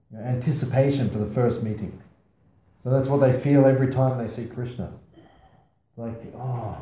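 A man's voice: medium pitch, slight background noise. A man giving a scripture class to a small audience. He tells stories, asks the audience questions, and makes playful asides. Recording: roomy, slightly dull sound.

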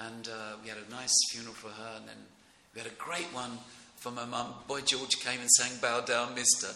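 A middle-aged man giving an informal devotional class in a temple room, rambling and excitable, often breaking into chuckles. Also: mid-range voice, brisk. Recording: echoey room with faint noise.

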